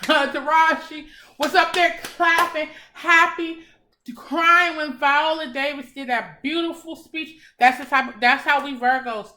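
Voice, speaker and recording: A woman's voice: on the high side, bright, forceful tone. A young woman giving a tarot reading in a casual, blunt and encouraging way, swearing freely. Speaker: tarot reader.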